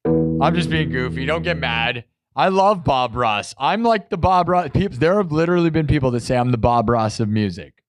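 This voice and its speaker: A man hosting a live music stream, chatting casually, goofing around and reading viewer comments aloud. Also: mid-range voice. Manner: goofy, joking, reads viewer comments aloud. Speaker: livestream host and improvising musician. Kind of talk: casual livestream chat.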